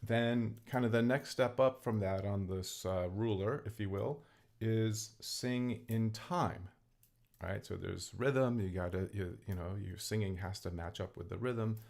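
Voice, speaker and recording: A man's voice: lowish voice, a little slow, creaky, darkish tone. A man talking casually to his audience, explaining ideas as he thinks them through, with frequent "right?" checks and filler words. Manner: explaining, thinking aloud with restarts. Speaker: vlogger and hobby singer. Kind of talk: casual spoken talk to camera. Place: home bedroom.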